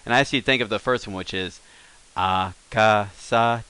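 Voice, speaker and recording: A man teaching a language lesson over a screen recording, relaxed and thinking aloud with fillers and self-corrections. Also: mid-range voice, rapid-fire, clear, resonant tone.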